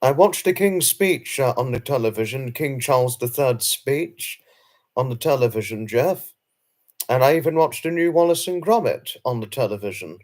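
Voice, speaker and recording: A man's voice: mid-range voice, animated, normal speed. Chatty rambling British man hosting. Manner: chatty and rambling, with frequent fillers and self-conscious laughs. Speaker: livestream host. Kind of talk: casual live chat reading viewer comments.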